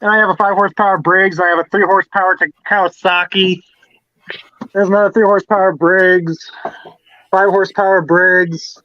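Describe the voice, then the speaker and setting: A man's voice: high voice, flat delivery, fairly quick, sharp tone, no room sound. A man hosting a casual live stream from his home garage, methodically going through his engines one by one. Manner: methodical, steadily lists parts. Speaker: host showing his small-engine collection. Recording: dull, dry lo-fi sound.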